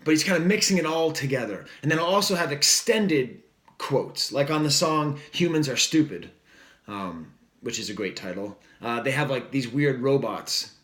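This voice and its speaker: A man's voice: mid-range voice, animated, moderate pace, a bit bright, echoey room. A man giving a casual, rambling record review, full of fillers and enthusiastic asides. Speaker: music reviewer.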